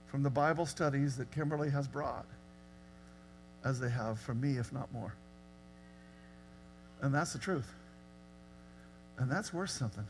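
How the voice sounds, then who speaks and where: A man's voice: a little high, rough recording. A man, the pastor, earnestly introducing a guest speaker to his church. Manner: earnest, emphatic. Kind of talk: sermon introduction.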